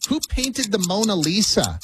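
High-voiced guy running a radio quiz, quick and playful, noisy broadcast sound. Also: huge pitch swings. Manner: brisk, playful quizmaster. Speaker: radio show host. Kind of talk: radio quiz show hosting.

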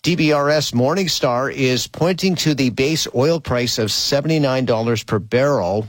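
A man reading a radio news bulletin in a steady, measured way. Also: mid-range voice, no room sound. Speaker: radio newsreader.

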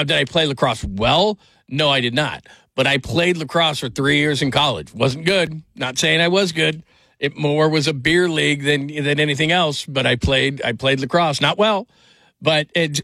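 Male radio host, bright and forceful, rambling jokey banter, dry studio sound. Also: medium pitch, dry recording. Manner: rambling, jokey, with many restarts. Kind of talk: casual chat.

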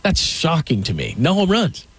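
A man's voice: on the high side, huge pitch swings, normal speed, husky. A man hosting a sports talk show, asking his co-host questions about the season. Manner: questioning, teasing.

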